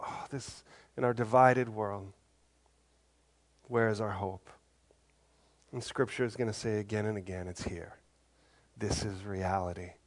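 A man preaching a sermon in a conversational, earnest way, acting out the voices of the people in his stories. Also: lowish voice. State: briefly choked up. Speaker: pastor.

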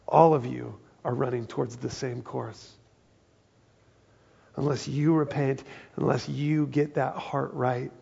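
A man's voice: medium pitch, steady tone, slow pace, vocal fry, warm tone, husky, highs cut off. A male pastor giving a conversational sermon, slipping into quoted voices as he tells a passage.

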